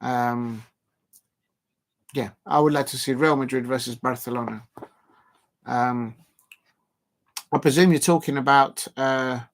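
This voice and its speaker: A man with a medium-pitched, steady voice hosts a football watch-along stream, speaking unhurriedly and pausing often. He chats casually, reads viewer comments, and rambles with lots of fillers.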